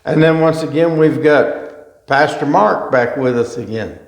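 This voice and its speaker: A man hosts a casual podcast in a friendly, eager voice with a slightly high pitch and a gravelly edge. The room around him is echoey. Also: unhurried. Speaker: podcast host.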